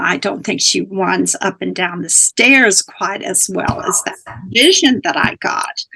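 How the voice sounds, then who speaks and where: A woman's voice: mid-range voice, gravelly, pushed and bright. A woman guest, a spiritual teacher, earnestly telling a personal story in conversation, with small restarts.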